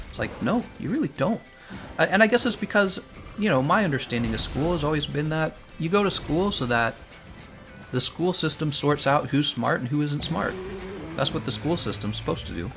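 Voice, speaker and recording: Young male game streamer, opinionated and animated, lively up-and-down delivery, faint music under him. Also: a little high, brisk. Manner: animated, opinionated, laughs often. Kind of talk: casual livestream chat while playing.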